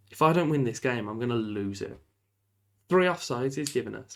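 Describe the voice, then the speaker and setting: Excitable man commentating a game. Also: medium pitch, normal speed. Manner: animated, shouts at the referee, laughs. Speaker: gaming YouTuber.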